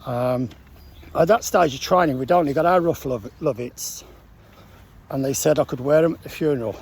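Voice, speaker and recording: A middle-aged man tells a personal story in a halting, emotional way, often stopping to restart his sentences. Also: mid-range voice, husky. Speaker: former military trainee telling his story.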